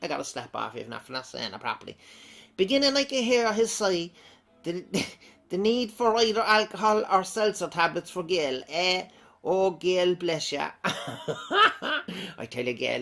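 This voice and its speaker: A man's voice: on the high side, lively intonation, normal speed, vocal fry, a bit bright. An Irish man reading out viewer comments in a chatty, rambling way, often breaking into laughter. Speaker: comedic vlogger.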